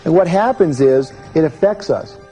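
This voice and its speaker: A man's voice: a little high, lively intonation, moderate pace, mellow, soft background music, low-quality recording. A man giving a live self-help seminar to a room full of people, talking conversationally and asking the audience questions. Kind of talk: live motivational seminar talk.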